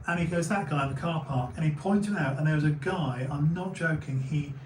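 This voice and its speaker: A man's voice: fairly high pitch, brisk, slight background noise. A man from England with a British accent, telling stories in a rambling casual way, often repeating and restarting his words. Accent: British English. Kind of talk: casual storytelling monologue. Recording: echoey room, mic a bit far.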